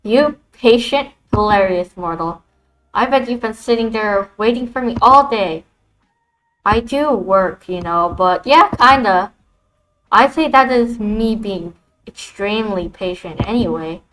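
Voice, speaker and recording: A woman's voice: on the high side, unhurried, fairly bright tone, soft background music, low-quality recording. A woman streaming a visual novel, reading its lines aloud and reacting to them in a playful, teasing way.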